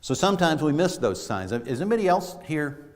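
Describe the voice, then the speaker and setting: A man's voice: a little high, very animated, fairly quick. A middle-aged man preaching a conversational sermon, telling stories in a folksy way with frequent restarts. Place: church sanctuary. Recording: long reverb of a church hall.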